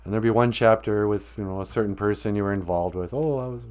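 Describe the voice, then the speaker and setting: A man's voice: on the low side, quick pace, a little mellow, smooth. A man hosting a casual livestream, reading out viewer comments and rambling with jokes, frequent laughs and affectionate asides. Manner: giggly, rambling, jokey, calls people sweetie.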